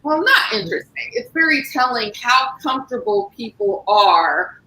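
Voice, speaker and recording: A woman's voice: fairly high pitch, very animated, moderate pace, roomy sound, noisy background. A woman panelist speaking thoughtfully in a casual online discussion, often trailing off and restarting. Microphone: video call.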